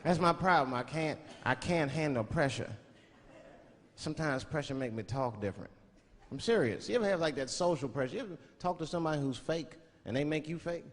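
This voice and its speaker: A man from Washington, D.C., doing animated, profane stand-up comedy on a large theater stage and switching between voices. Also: a little high, brisk. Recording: echoey hall, loud crowd laughter.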